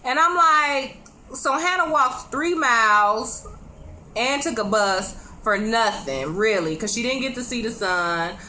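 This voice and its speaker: A chatty woman gives a casual recap of a TV episode. Her voice is bright and sits a little high, and she stays animated, laughs often and talks straight to her viewers. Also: slight background noise. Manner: addresses viewers directly with quick asides. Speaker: TV show reviewer.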